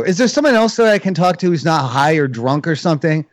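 A man's voice: a little high, animated, fairly quick, rough recording. A rambling, hotheaded prank caller man. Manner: rambling, flustered, flares into heated outbursts. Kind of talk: prank phone call.

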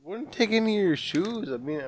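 A man's voice: high voice, lively intonation, brisk. A stammering, hesitant co-host man.

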